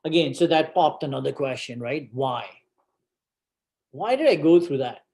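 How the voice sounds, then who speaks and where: A man's voice: fairly high pitch, expressive, moderate pace, creaky, darkish tone. A man giving a presentation, telling a personal story with dramatic, emphatic repetition. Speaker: guest speaker. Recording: roomy event hall.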